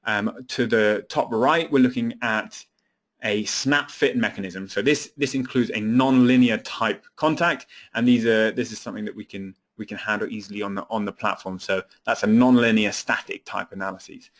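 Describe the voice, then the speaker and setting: A man, an application engineer presenting a technical software webinar, explaining steadily with frequent fillers and repeated words. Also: fairly low pitch, moderate pace.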